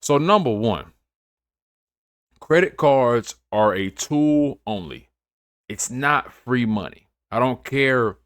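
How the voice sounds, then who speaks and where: A finance channel host with a medium-pitched, slightly bright voice gives emphatic, casual advice to camera, recorded dry in studio quality. He's slangy and preachy, repeating phrases and often asking "you feel me."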